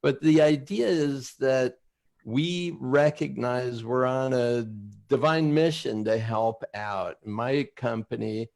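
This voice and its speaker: A man's voice: medium pitch, steady tone, slow pace, vocal fry, darkish tone. A middle-aged man, a talk show guest, speaking earnestly about a mission. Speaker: guest, education company founder.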